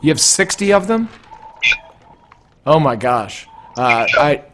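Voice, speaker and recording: A man's voice: fairly high pitch, big pitch swings, slow, noisy background. A man co-hosting a casual online chat, rambling and explaining at length with many restarts. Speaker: co-host.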